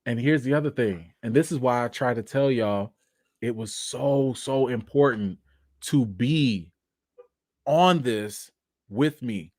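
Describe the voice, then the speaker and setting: Brief: male live-stream host, mid-pitched, emphatic and chatty, dry recording. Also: slow pace, dry recording. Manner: animated, emphatic, talks straight to viewers. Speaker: livestream host. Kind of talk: casual live-stream talk.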